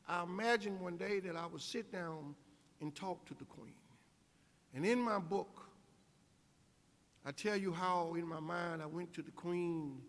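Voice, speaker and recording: A man's voice: on the high side, fairly bright tone. An older man giving an inspirational convocation speech as guest speaker, emphatic with preacher-like repetition. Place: large convocation hall. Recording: echoey hall.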